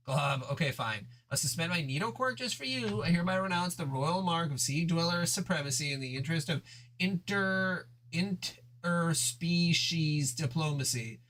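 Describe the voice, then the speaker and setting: A man's voice: fairly high pitch, moderate pace, fairly bright tone, natural voice, poor audio. A man voicing a bubbly, aristocratic fish-alien girl who says glub, in a playful, slightly pompous way, as he reads a webcomic aloud with voices. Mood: teasing.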